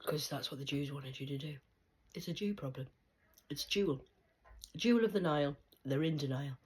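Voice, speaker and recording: A woman's voice: low voice, moderate pace, a little mellow, breathy edge. A woman, talking straight to camera in an erratic, rambling monologue that jumps from one idea to the next. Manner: erratic, rambling, jumping between ideas.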